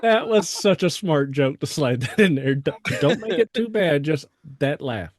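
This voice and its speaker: A man's voice: a little high, expressive, unhurried, no room sound. A man co-hosting a casual movie review podcast, chatty and musing, laughing often. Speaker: podcast co-host.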